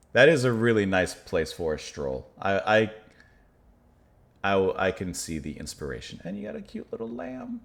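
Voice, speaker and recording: A man's voice: fairly low pitch, gravelly. A man hosting a music reaction channel, speaking casually and thoughtfully, sometimes stumbling over unfamiliar names. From United States. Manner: reads lyrics aloud slowly.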